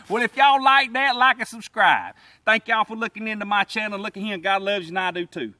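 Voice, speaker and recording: A man's voice: high voice, brisk, bright, forceful tone, no room sound. A man telling a rhyming comic story in a folksy drawl, as the host of his channel. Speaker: comedy storyteller.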